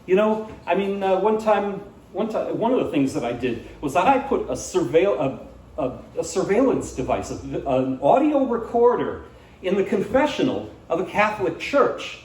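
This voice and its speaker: A man's voice: high voice, sing-song, moderate pace, a little mellow, echoey room, far from the mic, poor audio. A man doing live stand-up at a small cafe, rambling with many fillers and restarts. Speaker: stand-up comedian. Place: small cafe venue, indoors.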